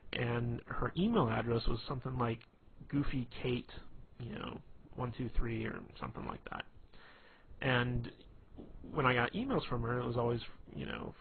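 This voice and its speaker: Gravelly man rambling over a tinny line. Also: mid-range voice. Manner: rambling, many fillers like "you know". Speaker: presenter. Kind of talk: casual explanatory talk. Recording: tinny phone-like with faint hiss.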